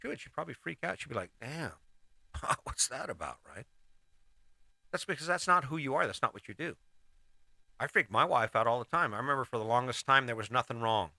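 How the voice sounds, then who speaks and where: A middle-aged man talks through life advice in a loose, rambling monologue, often restarting his sentences. His voice is very bright, recorded dry and close with no room sound. He sits at an ordinary middle pitch for a man. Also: quick pace, creaky, no room sound. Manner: casual, rambling, frequent restarts. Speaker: host. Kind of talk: motivational vlog monologue.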